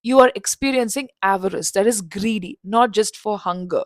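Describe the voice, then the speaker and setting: An old professor, aloof and preachy, lectures in a calm, dismissive tone, as a woman storyteller puts him on. He speaks at a middling pitch. The sound is dry and close. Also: moderate pace, no room sound, natural voice. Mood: lecturing.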